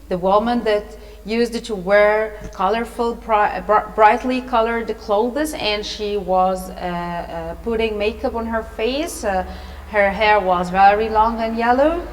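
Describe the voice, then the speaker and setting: Slow, patient woman teacher. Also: mid-range voice. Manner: patient, asks pupils questions. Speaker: English teacher. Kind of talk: reading a story aloud and explaining words. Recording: long hall reverb.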